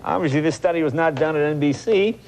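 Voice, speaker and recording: Speaking a little high and at a fast clip, a late-night host in his forties works through strange newspaper clippings for comedy, dropping in wry remarks of mock disbelief. The live audience in the TV studio laughs loudly, and there's slight background noise.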